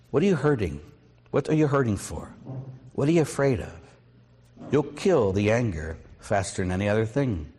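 Husky and mid-range, a middle-aged priest's voice fills a large hall as he preaches a mission talk. He recounts personal stories with lively quoted voices and puts questions to his listeners.

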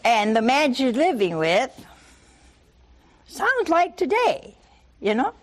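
Slow, animated older woman preaching. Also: high voice. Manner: animated, conversational storytelling with rhetorical questions. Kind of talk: sermon.

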